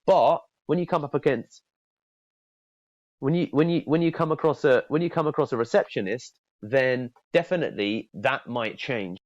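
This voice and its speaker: A man's voice: medium pitch, normal speed, dry recording, dull audio. A man teaching cold-calling technique in a casual spoken lesson. He often repeats words and acts out friendly phone openers in a lifted voice. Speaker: sales trainer. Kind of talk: casual spoken training talk.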